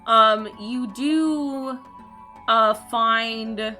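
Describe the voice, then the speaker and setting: Woman DM, bright, unhurried, chatty, call mic, faint music bed. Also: a little high. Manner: casual, lots of filler words. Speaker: dungeon master. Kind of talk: running a tabletop game online.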